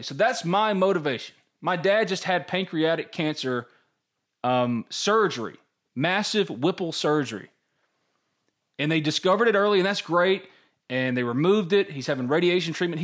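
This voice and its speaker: A man's voice: fairly high pitch, moderate pace. A man, co-hosting a casual sports podcast, talking candidly and acting out his own inner voice. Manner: candid, animated storytelling with quoted inner voices. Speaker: podcast co-host.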